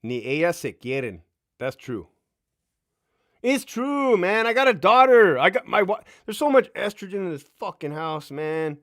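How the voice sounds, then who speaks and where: A man's voice: sits high, very animated, normal speed, a bit bright, no echo, studio quality. A man in his thirties hosting a casual livestream from home, cursing freely, laughing and answering chat comments. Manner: profane, boastful, laughing, addresses chat directly. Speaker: livestream host.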